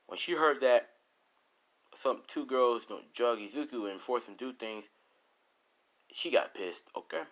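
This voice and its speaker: A man's voice: medium pitch, measured pace, pauses often, poor audio. A man casually improvising a fan story, rambling with many fillers and asides. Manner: rambling, filler-heavy, animated.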